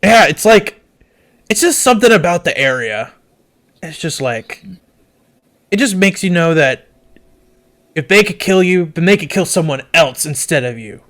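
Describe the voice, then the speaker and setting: Male game master, animated delivery, playful, quick to laugh. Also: a little high. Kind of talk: narrating a tabletop game.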